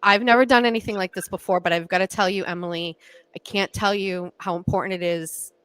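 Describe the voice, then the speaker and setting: A woman's voice: medium pitch, steady tone, brisk, fairly bright tone, clean tone, no room sound. A woman hosting a livestream talk show, speaking in a reassuring, encouraging way.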